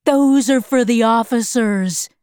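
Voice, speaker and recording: A woman's voice: fairly high pitch, takes it slowly, darkish tone, smooth, no room sound, studio quality. A woman reading aloud, voicing a cruel, mocking male officer in a storybook. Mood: sneering. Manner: sneering, contemptuous.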